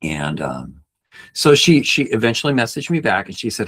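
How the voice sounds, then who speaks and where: A man's voice: big pitch swings, moderate pace, fairly bright tone, breathy edge. A middle-aged man, a podcast guest, telling a personal story earnestly and acting out the people he quotes. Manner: earnest, acts out quoted people with raised pitch.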